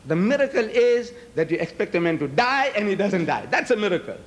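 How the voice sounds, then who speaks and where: A man's voice: high voice, big pitch swings, fairly quick. An older man with a South African accent giving a public debate speech, asking rhetorical questions and acting out both sides of an argument.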